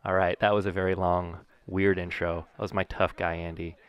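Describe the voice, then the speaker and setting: Low-voiced, clear, jokey young man. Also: level tone, brisk, no echo, lo-fi sound. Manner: goofy, rambling, jokey asides. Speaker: gaming YouTuber. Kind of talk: casual gameplay commentary.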